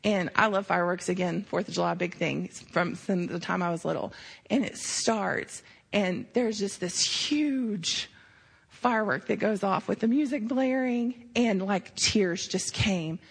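Husky woman giving a testimony. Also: mid-range voice, measured pace. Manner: emotional, filler-heavy storytelling. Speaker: church member sharing a mission trip testimony. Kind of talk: casual testimony.

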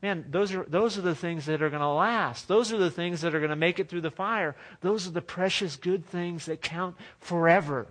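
A man's voice: high voice, moderate pace, hardly any pauses, fairly bright tone. A man preaching a sermon as pastor, earnest and conversational, often restarting his phrases.

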